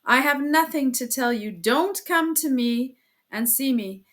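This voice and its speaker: A woman voicing a tormented young man in a classic novel reading, halting and strained. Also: high-pitched, expressive, a bit bright. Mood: grim.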